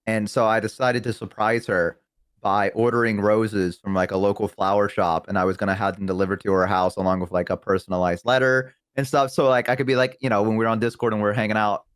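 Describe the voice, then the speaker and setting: A man's voice: fairly low pitch, fast, clear, resonant tone, no echo, studio quality. A young man in his twenties with a Southern US accent, telling stories in casual chat and acting out what people said. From American South. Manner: animated, self-deprecating, acts out quotes. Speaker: streamer.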